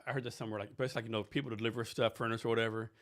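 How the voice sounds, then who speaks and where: A man's voice: on the low side, level tone, a bit bright. A man hosting a podcast, asking questions and joking bluntly in casual chat. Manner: quick, blunt, joking with profanity. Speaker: podcast host.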